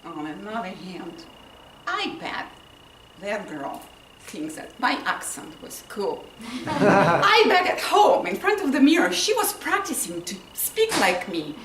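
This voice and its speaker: A woman whose first language is not English gives a humorous speech to an audience, telling her story with lively delivery and acting out lines. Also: mid-range voice, slow. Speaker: contest speaker. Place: indoor meeting room with audience. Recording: roomy, distant, with noise and audience laughter.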